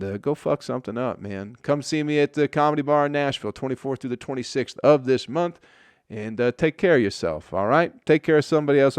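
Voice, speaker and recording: A man from Flint, Michigan, hosting a comedy podcast in a loose, rambling monologue full of swearing. His voice sits at an ordinary middle pitch. The sound is dry and close, with no room echo. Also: clear, resonant tone. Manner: profane, rambling, laughs at his own jokes.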